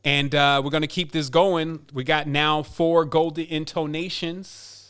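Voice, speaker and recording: A man's voice: a little high, flat delivery, measured pace, a bit bright, clear, resonant tone. A man hosting a podcast, casually announcing giveaway winners and counting prizes aloud in an upbeat way. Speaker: podcast host.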